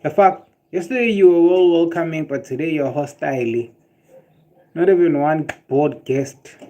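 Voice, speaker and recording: A man's voice: fairly high pitch, moderate pace. A South African man with a South African accent, chatting casually on a livestream, ranting and joking with his viewers. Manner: animated ranting, swearing and laughing at chat.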